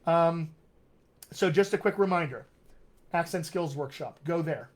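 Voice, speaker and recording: A man's voice: a little high, a little slow. A man hosting a live question-and-answer stream as a dialect coach, upbeat and encouraging as he answers viewers one by one. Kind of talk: casual live-stream chat.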